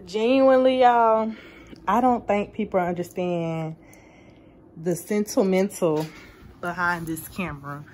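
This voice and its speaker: A woman from Florida, in her twenties, records a chatty vlog on her phone, talking to the camera in a rambling way and laughing a lot. Her voice is fairly low, unhurried and darkish in tone.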